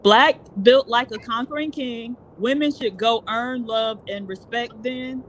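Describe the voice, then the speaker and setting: A woman calling into a heated podcast debate, laying out her argument in a measured way. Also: a little high, slight background noise.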